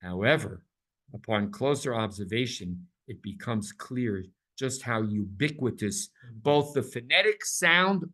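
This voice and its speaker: A man teaches a scripture class with lively energy and a bright, forceful voice, his pitch sitting a little high for a man. He repeats key words over and over and keeps checking that his listeners are following along. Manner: animated, repeats words for emphasis, asks listeners questions.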